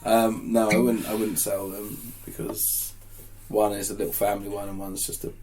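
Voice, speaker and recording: A man's voice: lowish voice, little pitch movement, normal speed, background noise. A man from Portsmouth with a Portsmouth English accent, joking and laughing in a casual drinking podcast chat. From Portsmouth, England. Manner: joking, laughs often, playful. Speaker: podcast host.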